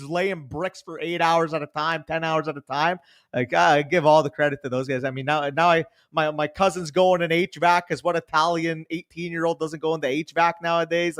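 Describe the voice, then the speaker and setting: Male podcast co-host, a touch high, animated joker who laughs and swears often. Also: a little fast. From Canada. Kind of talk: casual podcast chat.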